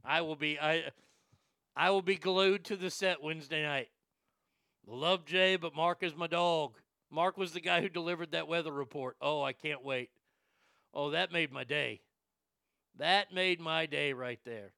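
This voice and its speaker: Male host, crude ranting commentary, slightly higher voice, bright forceful tone. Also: a little slow, gravelly, clear, resonant tone, dry recording, clean studio sound. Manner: crude, ranting, loud bursts. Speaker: show host. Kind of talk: profane casual commentary.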